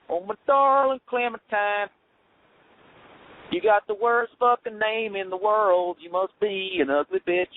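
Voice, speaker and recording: A man talks through a rambling solo monologue while driving, swearing freely and cracking sarcastic asides. His voice sits a little high. The sound is narrow and tinny, like it comes through a phone. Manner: profane, sarcastic, ranting. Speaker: podcast host.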